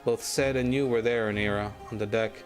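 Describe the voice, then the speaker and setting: A man streaming a game, reading its story text aloud in a measured, grave way that sometimes drops to a hush. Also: on the low side, steady tone. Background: faint game music.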